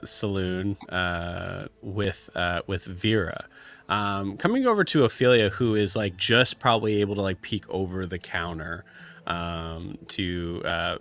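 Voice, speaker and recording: A man's voice: low-pitched, a bit bright. A man as game master, narrating a tabletop game in a rambling way full of fillers.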